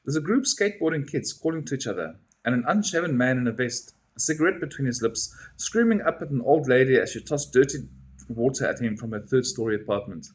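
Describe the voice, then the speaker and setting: A man reading a first-person story aloud in an expressive way. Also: mid-range voice, brisk, breathy edge. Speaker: reader.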